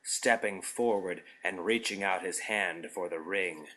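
A man narrating a scripted story in a measured, deliberate storytelling manner. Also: sits low, bright, forceful tone, rough recording.

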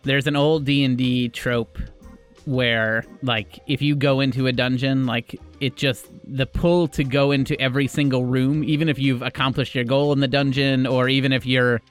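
Guy running a tabletop horror game, even middle voice, faint music behind sometimes. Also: mid-range voice, clear, resonant tone. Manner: measured storytelling, then thoughtful rambling with fillers. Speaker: game master. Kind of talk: scripted narration and casual chat.

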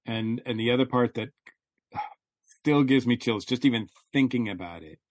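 A man's voice: mid-range voice, moderate pace, no echo, studio quality. A man co-hosting a fan podcast, chatting casually and gushing with enthusiasm, often restarting his sentences. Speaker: podcast co-host.

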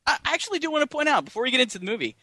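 A man's voice: extremely high pitch, big pitch swings, rapid-fire, pushed and bright, dry recording. A man co-hosting a movie podcast, chatting in a wry, reflective way. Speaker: podcast co-host. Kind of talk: casual movie podcast chat.

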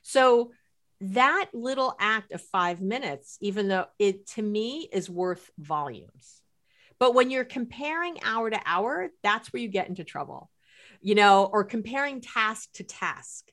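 A woman's voice: mid-range voice, unhurried. A middle-aged woman from New York City, a couples therapist telling stories in a podcast conversation and acting out what people said. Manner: animated storyteller who acts out quotes.

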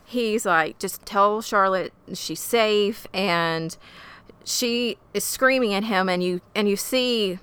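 A woman co-hosting a casual podcast, recapping a TV episode with animated, profane, emotional reactions. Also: mid-range voice, takes it slowly, clear, resonant tone. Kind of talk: casual chat.

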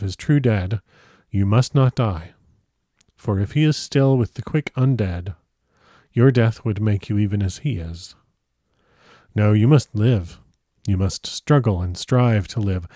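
A grave, fatherly old doctor speaks slowly and solemnly, pleading in old-fashioned phrases, as a male narrator plays him. The voice sits low, and the sound is dry and close. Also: dark tone, no echo. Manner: slow, solemn, archaic and imploring.

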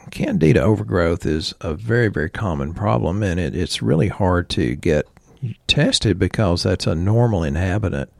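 Low-voiced chiropractor guy rambling through a personal story, lots of ums, dry close sound. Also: darkish tone, no room sound. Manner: halting, with frequent ums and throat clearing.

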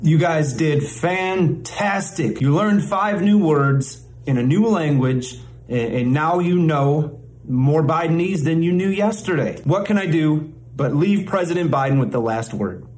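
A man presenting a comedy bit as a mock language lesson, drilling words slowly and repeating them like a teacher. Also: a little high, lively intonation, darkish tone.

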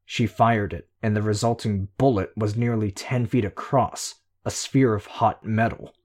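A man narrating a first-person audiobook in a steady, measured way. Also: lowish voice.

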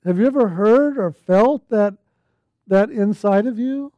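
Slow, high-voiced man giving a spiritual talk. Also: no room sound, muffled recording. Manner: slow, earnest, bursts into yelling quotes and laughter. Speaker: spiritual teacher.

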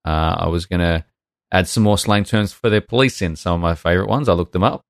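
A man with a fairly low voice chatting casually as a podcast co-host and reading out listener emails. The sound is dry and close, with no room echo. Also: brisk. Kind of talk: casual chat.

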